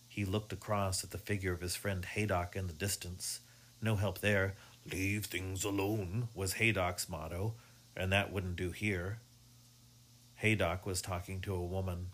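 A man reading a mystery story aloud as narrator, in a measured, even storytelling manner. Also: sits low.

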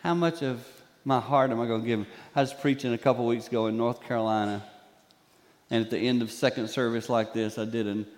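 Older guy preaching, storytelling, lively, long church echo. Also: medium pitch, brisk. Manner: animated storytelling, acts out quoted voices. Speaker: guest speaker preaching. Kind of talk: sermon. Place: church sanctuary.

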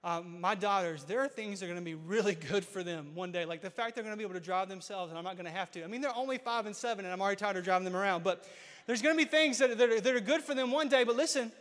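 A man in his thirties preaching a sermon as pastor, repeating key lines and building to loud, emphatic peaks. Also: high voice, very fast. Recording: hall reverb.

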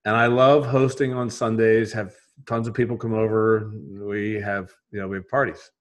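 A man from Philadelphia with a Philly accent, hosting a casual conversation in an animated, joking way. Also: on the low side, unhurried.

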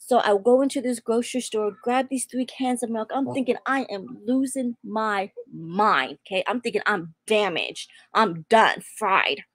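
A woman's voice: fairly high pitch, normal speed, hardly any pauses, fairly bright tone, no echo. A young woman sharing her personal faith testimony as a guest, speaking fervently and repeating phrases for emphasis. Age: young adult.

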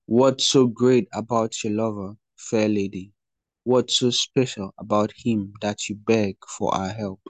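A chorus of women asking a question, as a man reads it out. It sounds low, slow and plain, with a dry, close sound. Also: fairly even intonation, dry recording, natural voice.

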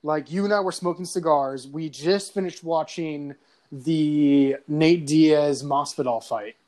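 A man's voice: a little high, measured pace, a little mellow. A man chatting casually, rambling through stories, laughing often and slipping into impressions. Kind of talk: casual chat.

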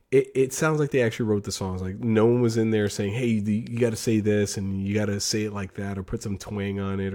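A male podcast co-host ranting bluntly in casual chat, heavy on sarcasm and swearing. He stumbles through his sentences with repeated restarts. His voice is low-pitched and mellow. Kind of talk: casual album review chat.

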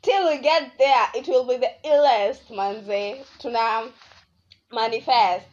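A young Kenyan woman with a Kenyan accent hosting a casual solo podcast, rambling and animated as she tells a story. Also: on the high side, takes it slowly. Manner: rambling, animated, switching between English and Swahili slang. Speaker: podcast host. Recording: dull lo-fi audio.

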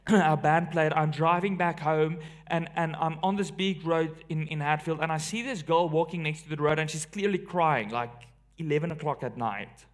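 South African male pastor, slightly high voice, animated storyteller with loud and hushed turns. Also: moderate pace. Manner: animated storytelling, swinging between loud emphasis and hushed awe. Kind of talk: sermon.

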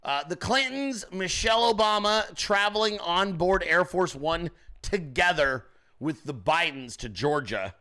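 A man's voice: sits high, expressive, a little slow, bright, forceful tone. Brash, foul-mouthed male show host. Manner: brash, crude, rambling, talks to chat viewers. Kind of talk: profane casual commentary.

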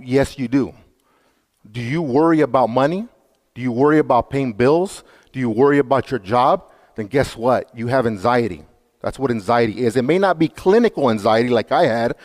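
A man's voice: mid-range voice, darkish tone. Earnest male pastor preaching in a reverberant hall. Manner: earnest and direct, addressing the congregation. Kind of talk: sermon.

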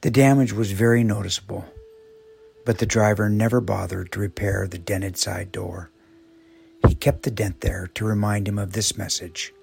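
A man reads an inspirational story in a low, husky voice with a gravelly fry. He speaks slowly and reflectively. Soft music plays beneath him. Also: steady tone. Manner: slow, measured, reflective. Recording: soft music bed behind voice.

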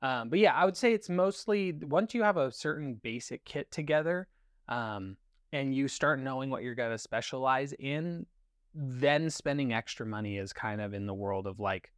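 A man's voice: mid-range voice, lively intonation, normal speed, no room sound, studio quality. A man, a guest on a filmmaking podcast, talking casually and rambling with fillers and restarts. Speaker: guest, cinematographer and gaffer.

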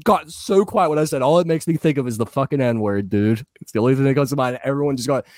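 A man in his thirties, high, hosting a casual podcast chat, swearing a lot and ending lines with "dude". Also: fast, a little mellow, no echo, clean studio sound. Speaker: podcast co-host.

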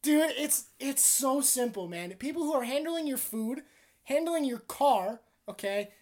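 Young woman, co-host, profane animated storyteller, slightly high voice. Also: measured pace. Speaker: podcast co-host. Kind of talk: casual chat.

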